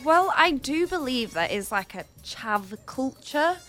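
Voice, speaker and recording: A woman's voice: high-pitched, very animated, measured pace, a bit bright, faint music behind. Chatty woman with shifting Yorkshire accent. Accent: Yorkshire-tinged English. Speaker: radio guest. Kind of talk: casual radio chat.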